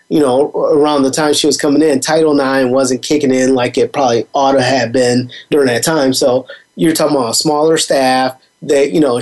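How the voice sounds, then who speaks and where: A man's voice: mid-range voice, a little mellow. A man hosting a sports talk radio show, talking in a rambling, casual way with plenty of fillers. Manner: rambling, conversational, many fillers.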